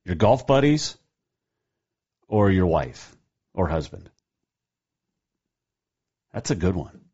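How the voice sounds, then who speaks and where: Man, radio host, very low voice, folksy and rambling, dull lo-fi sound. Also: sing-song, takes it slowly, darkish tone, breathy edge. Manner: rambling, folksy, self-correcting. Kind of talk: casual radio talk with ad reads.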